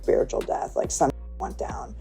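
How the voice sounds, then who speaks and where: A woman's voice: moderate pace, mellow, faint music behind. A woman casually recounting a phone call in an interview clip, acting out what was said. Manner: casual, quoting herself and others.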